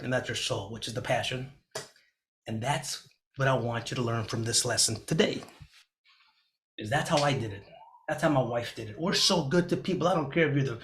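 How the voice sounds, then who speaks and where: A middle-aged man gives an energetic, motivational real estate lesson over a video call. His voice sits in a middle pitch, and he jumps into a raised, anxious tone when he acts out panicked clients before settling back down. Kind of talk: motivational class talk.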